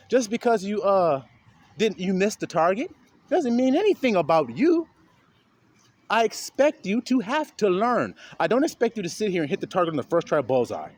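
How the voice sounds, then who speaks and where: A man preaching an informal, profane street sermon, swinging between loud outbursts and low asides and acting out the voices of the people he quotes. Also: very animated, normal speed, no echo. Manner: profane, colloquial.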